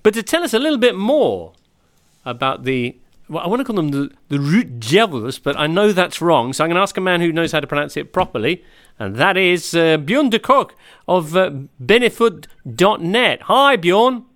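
A man presents a football chat show, jokey and relaxed. His voice sits a little high and swings widely in pitch as he leads the talk. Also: moderate pace. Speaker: podcast host. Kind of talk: casual chat.

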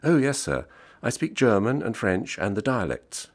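A man's voice: on the low side, big pitch swings, moderate pace, pitched above the performer's own voice. A man reading as a prim young waitress. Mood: politely refusing. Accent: speaks English as a foreign tongue. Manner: polite, formal, refusing. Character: young Swiss woman, station cafe waitress, prim. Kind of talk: audiobook reading.

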